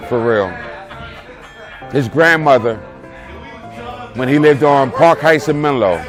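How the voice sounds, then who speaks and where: A man, a close friend giving a rambling, streetwise spoken tribute. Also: fairly high pitch. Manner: loose, rambling, streetwise talk with many "you know what I'm saying". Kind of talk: casual spoken memories. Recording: music and crowd chatter behind.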